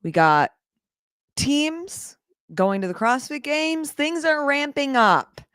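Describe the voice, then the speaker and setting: A woman's voice: high voice, expressive, takes it slowly, fairly bright tone, dry recording, studio quality. A woman hosting a casual livestream, chatting candidly with viewers and laughing often as she talks. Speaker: livestream host.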